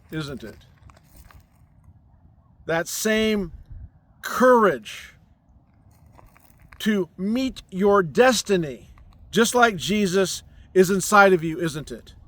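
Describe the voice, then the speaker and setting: A man delivers an inspirational spiritual message outdoors on a mountain. His voice sits high and he speaks very slowly. He leans on gentle, repeated affirmations. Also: no echo. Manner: slow, soothing, repetitive affirmations. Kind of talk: inspirational sermon. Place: outdoors on a mountain overlooking a city.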